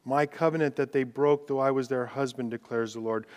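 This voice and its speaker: A male pastor delivers a sermon, swinging between loud declarations and hushed, drawn-out words and reading scripture aloud with rising intensity. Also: mid-range voice, flat delivery, clean tone. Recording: long reverb from a large hall.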